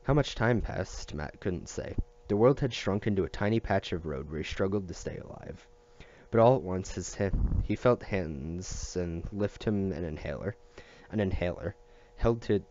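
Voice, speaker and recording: A man reading a novel aloud at a steady pace, with small restarts and slips. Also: sits low, moderate pace, muffled recording, slight background noise. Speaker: audiobook reader.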